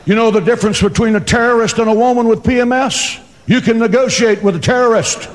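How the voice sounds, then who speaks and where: A pastor giving an emphatic, dramatic sermon to a congregation, mixing scripture with joking asides. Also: male voice, very high-pitched, fast talker, a little hiss or hum. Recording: long reverb of a large hall.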